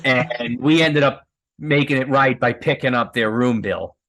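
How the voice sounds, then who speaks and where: A filmmaker guest telling stories in a casual, rambling way, with many fillers and restarts and frequent laughs. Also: male voice, medium pitch, measured pace, a bit bright.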